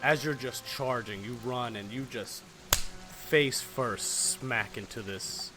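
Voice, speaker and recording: A man's voice: mid-range voice, slow pace. A man running a tabletop game as game master, narrating in a loose, casual way with lots of fillers and swearing. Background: faint fantasy music and rain.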